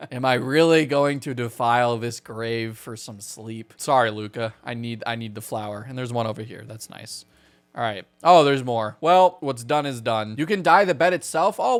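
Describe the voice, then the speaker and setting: A young man giving casual, joking gameplay commentary as a streamer, swearing and yelping when surprised. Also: medium pitch. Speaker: gaming streamer.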